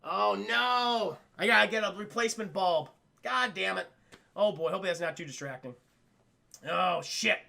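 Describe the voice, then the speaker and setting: Streamer, male, tipsy and foul-mouthed, rambles to chat in a sharp gravelly voice. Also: sits high, moderate pace. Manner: profane, rambling, keeps addressing chat; half-drunk, animated storytelling. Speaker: streamer film reviewer. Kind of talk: casual spoiler review to live chat.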